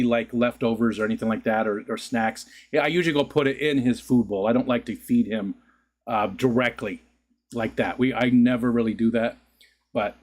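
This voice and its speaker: A man hosting a casual home livestream, chatting to his viewers in a loose, rambling way and laughing often. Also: mid-range voice. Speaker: livestream host. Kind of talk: casual chat to live viewers. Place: home room.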